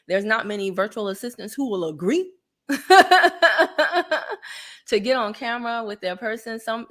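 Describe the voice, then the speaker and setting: A woman hosting a casual livestream, chatty and laughing often as she greets viewers. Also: medium pitch. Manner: chatty, gives shout-outs, laughs often. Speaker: livestream host.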